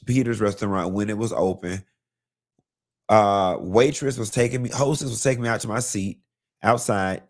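Male gossip host, sassy and blunt, low-pitched, swears freely. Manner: sassy, blunt, profane, animated storytelling. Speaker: host of a live gossip show. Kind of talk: casual celebrity gossip commentary.

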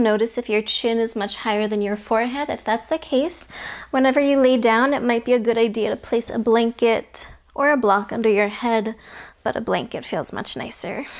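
A young adult woman teaching a yoga class, giving calm step-by-step cues and whispering some words. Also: a little high. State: slightly out of breath. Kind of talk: guided yoga class instruction.

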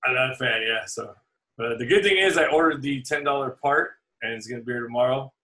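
A man with a bright, forceful voice chats on a laid-back podcast over drinks. He talks loosely, laughs often and drifts through long stories. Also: mid-range voice, fast, low-quality recording. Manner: chatty, laughs often, tells rambling stories. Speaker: podcast co-host. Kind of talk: casual chat over drinks.

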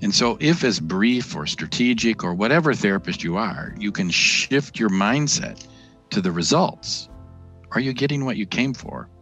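A man answering interview questions in a measured way, making his points with plain everyday analogies. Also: on the low side, lively intonation, a bit bright, faint music behind. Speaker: interview guest, therapy researcher.

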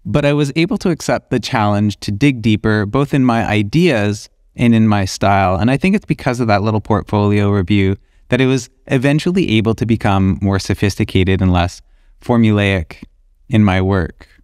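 A man's voice: on the low side, normal speed, darkish tone, clean tone, no echo, clean studio sound. A man, an illustrator hosting his own podcast, talking through his ideas in a thoughtful, conversational way. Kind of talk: reflective solo podcast talk.

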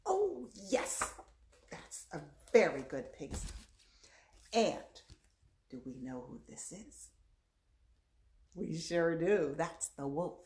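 A woman's voice: low voice, big pitch swings, takes it slowly, pauses often, a little mellow. A woman children's librarian leading a playful storytime for young children, with songs and a story in a library. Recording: echoey room.

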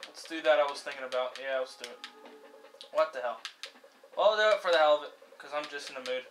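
A young man giving casual, excitable let's-play commentary while racing, swearing freely and cheering the cars on. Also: fairly high pitch, quick pace. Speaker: gameplay commentator. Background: game music and car engine sounds.

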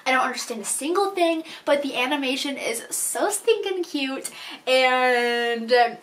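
A woman's voice: sits high, expressive, unhurried, a bit bright, recorded from a distance. A woman chatting casually to camera in a vlog, bubbly and laughing at herself. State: out of breath. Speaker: vlogger.

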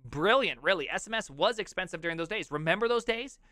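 Bright, animated male streamer. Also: high-pitched, fast, no echo, studio quality. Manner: animated, jokey, reads aloud then riffs with loud outbursts. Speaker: streamer reacting to an article. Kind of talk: live stream reaction.

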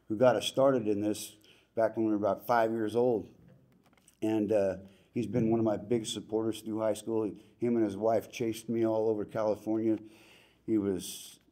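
A man's voice: lowish voice, mellow. Plainspoken man giving a heartfelt speech. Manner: plainspoken and folksy, with casual slang. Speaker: hall of fame inductee giving acceptance speech. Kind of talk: emotional acceptance speech. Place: banquet hall ceremony.

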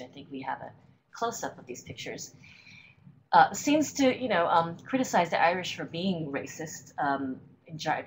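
A woman presenting a webinar lecture, explaining images at an unhurried pace with frequent ums and uhs. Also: deep voice, slight background noise, poor audio. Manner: hesitant, many ums and uhs. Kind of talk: lecture on political cartoons.

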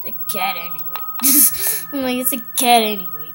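A woman's voice: on the high side, very animated, normal speed, faint music behind. A woman giving casual, giggly gameplay commentary while chatting to the animals in her game.

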